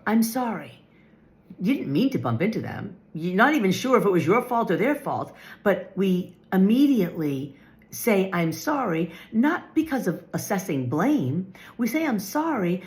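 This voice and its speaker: A woman in her fifties talks earnestly about spiritual matters, with a gravelly, fry-tinged voice at a middle pitch. She is emphatic and often repeats her phrases for weight. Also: a little mellow. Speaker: spiritual vlogger. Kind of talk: reflective spiritual talk.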